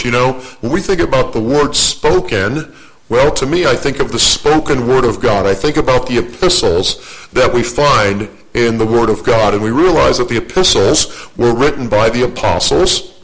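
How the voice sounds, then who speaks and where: A man's voice: medium pitch, lively intonation, normal speed, fairly bright tone, poor audio. An older man preaching in an easygoing, storytelling way, with a mid-range voice. He pokes fun at himself between points and often circles back, repeating his words as he goes. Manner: joking, self-deprecating, repeats and restarts phrases. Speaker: guest preacher. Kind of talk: folksy storytelling sermon.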